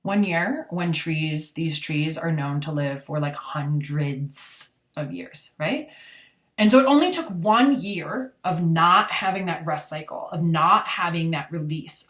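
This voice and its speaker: Slow, low-voiced woman speaking gently. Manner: soft and unhurried, repeats "right?" often. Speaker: energy healer and channel host. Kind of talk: gentle spiritual talk to camera. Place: indoors.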